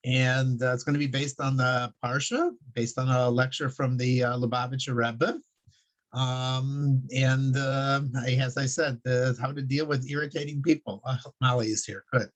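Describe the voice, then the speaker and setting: A man's voice: mid-range voice, moderate pace. A man teaching a weekly religious class in a rambling, casual way, with frequent fillers, restarts and chuckles.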